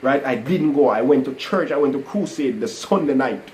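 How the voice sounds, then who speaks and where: Guy telling his testimony on a livestream, mid pitch, bit of faint noise behind. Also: moderate pace, low-quality recording. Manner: animated storytelling with repeated "guys" and "you know". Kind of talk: casual testimony to a live audience.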